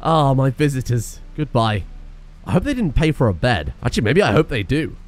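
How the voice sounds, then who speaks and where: A man's voice: medium pitch, brisk, faint music behind. A man casually commentating his own gameplay, breaking into exclaims and laughter. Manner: excitable, laughs and exclaims in bursts. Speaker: gaming video host.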